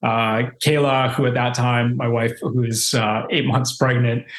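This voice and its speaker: A man's voice: medium pitch, flat delivery, measured pace. A man telling a story in a casual interview, rambling with many fillers and restarts. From Canada. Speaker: real estate investor guest. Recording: roomy echo.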